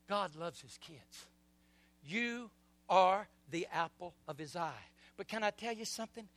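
A middle-aged male preacher with a strikingly high, bright, forceful voice. He delivers an impassioned sermon, dropping soft and then surging loud, and leads the congregation in call-and-response. The sound is dry and close, with no room echo. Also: animated, unhurried. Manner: swings between soft passages and loud surges. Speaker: pastor.

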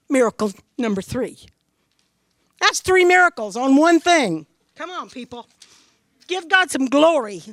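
A woman's voice: high voice, a bit bright, no echo, studio quality. A middle-aged woman from Missouri giving an earnest, emphatic spoken testimony about her faith as a grieving mother.

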